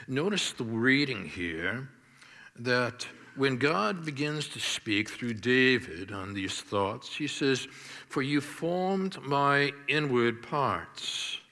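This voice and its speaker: A pastor delivering a sermon in a deliberate, emphatic manner, stressing key words. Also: male voice, medium pitch, pushed and bright, long reverb tail.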